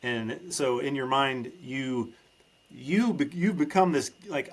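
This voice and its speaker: A man's voice: mid-range voice, a little slow. A man hosting a podcast in casual chat, talking in a rambling, emphatic way with frequent restarts. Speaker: podcast host.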